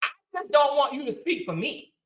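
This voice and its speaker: A woman's voice: high-pitched, big pitch swings, normal speed, a bit bright, rough recording. A woman hosting a casual livestream, chatting and thanking viewers as she reads their comments. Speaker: livestream host.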